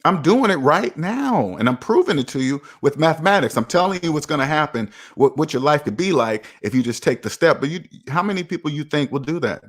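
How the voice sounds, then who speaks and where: A man's voice: on the high side, animated, fairly quick, few pauses. Emphatic man preaching to his viewers. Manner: emphatic, repeats himself for effect; preachy, talks straight to viewers. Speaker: personal finance vlogger. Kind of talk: casual motivational monologue.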